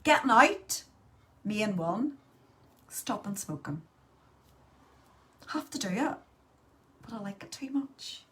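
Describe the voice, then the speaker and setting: A woman's voice: medium pitch, expressive, slow pace, long pauses, fairly bright tone. A woman, hosting a casual live makeup tutorial and chatting with viewers as she goes. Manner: chatty, reads out and answers live viewer comments.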